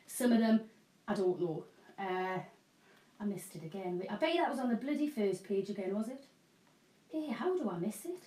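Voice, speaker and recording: A middle-aged live shopping host chats with viewers in a rambling, self-deprecating way while having a hot flush. Her medium-pitched voice is warm and expressive, moving at a moderate pace with long pauses.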